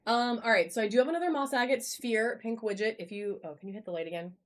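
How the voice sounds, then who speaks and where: A fast-talking woman with a slightly high voice hosts a live online auction recorded on a phone camera. She greets viewers by name and shows items with bubbly, chatty patter.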